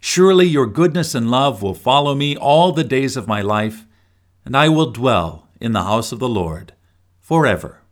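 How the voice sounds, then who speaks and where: A middle-aged man reading a scripted daily devotional in a slow, earnest way. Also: medium pitch. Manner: slow, earnest reading with expressive rises and falls. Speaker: devotional speaker.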